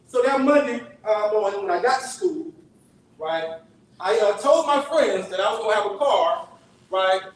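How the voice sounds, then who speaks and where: A man with a high voice tells a story from the pulpit in an easy, conversational way, checking in with his listeners often. He is heard from a distance in a very echoey church sanctuary. A faint hiss sits under the recording. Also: animated, moderate pace. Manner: conversational, asks the audience "right?" often. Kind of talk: sermon-style storytelling.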